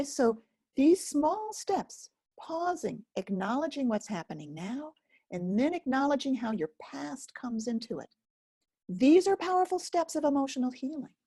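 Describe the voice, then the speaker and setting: A woman teaching a guided self-help lesson, speaking gently and slowly with many pauses. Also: fairly high pitch, breathy edge, no room sound, clean studio sound. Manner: gentle, slow and pausing, speaks as if to a listener. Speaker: focusing teacher.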